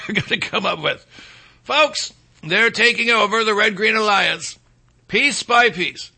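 A man's voice: sits high, unhurried, gravelly, pushed and bright, breathy edge. A man hosting a talk show, delivering a rambling, sarcastic monologue with mocking asides.

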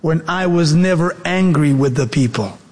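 Preacher doing God, chatty and reproving. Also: male voice, a little high, moderate pace, big-room sound, natural voice. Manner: conversational, gently scolding. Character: God as a patient, reasoning male deity.

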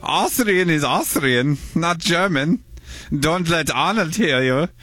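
Playful male radio co-host, lively voice. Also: on the high side, dry recording, faint music behind. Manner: playful, jokey, quick to laugh. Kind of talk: casual chat.

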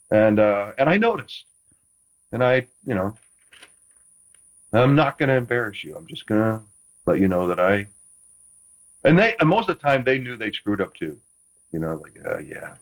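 A man with a husky, slightly breathy voice talks as a guest on a chat show. He rambles and restarts his sentences often, and he teases the host in a playful way. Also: medium pitch, sing-song, moderate pace, pauses often, low-quality recording. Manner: rambling, self-interrupting, playfully teasing. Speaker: guest, former quarterback. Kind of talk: casual chat.

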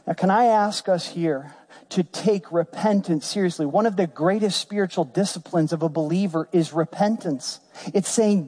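A man's voice: high-pitched, normal speed, mellow. A man preaching a sermon as pastor, earnest and emphatic.

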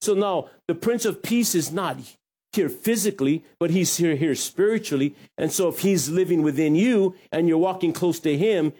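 A man preaching a sermon as pastor, lively, with joking asides. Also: on the high side, normal speed, breathy edge.

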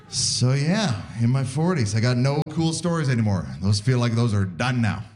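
Speaking unhurriedly in a mid-range voice, a forty-something comic from Saskatoon, Canada, works through a live stand-up set. He's animated, performing the quoted voices in his stories.

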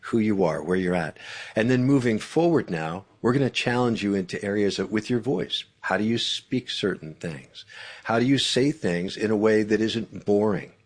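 A fairly low-voiced man talking as a guest author in a faith-based interview. His delivery is animated and emphatic, with a preacherly push behind his points. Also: normal speed.

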